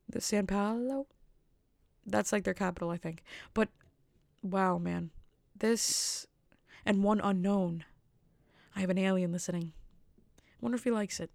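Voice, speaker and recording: Woman, podcast host, casual solo chat, rambling, self-mocking, gravelly edge, dry close sound. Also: mid-range voice, no echo. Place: at home with family asleep.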